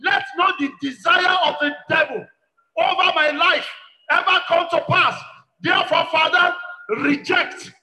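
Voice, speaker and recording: A man's voice: extremely high pitch, fairly even intonation, measured pace. A man, a pastor leading a congregation in fervent prayer, calling out repeated commands. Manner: shouted, repetitive commanding prayer. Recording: echoey hall with long reverb.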